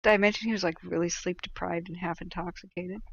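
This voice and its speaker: A woman's voice: on the low side, fairly even intonation, fast talker, creaky. A woman hosting a livestream from home, telling a rambling personal anecdote with chatty asides. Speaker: livestream host. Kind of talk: casual storytelling chat. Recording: dry, slightly dull sound.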